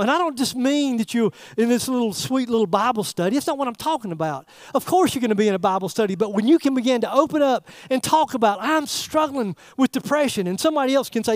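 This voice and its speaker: A man preaching a sermon in a folksy, animated way, throwing rhetorical questions at the congregation. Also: extremely high pitch, fast talker, few pauses, no echo, studio quality. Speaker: pastor.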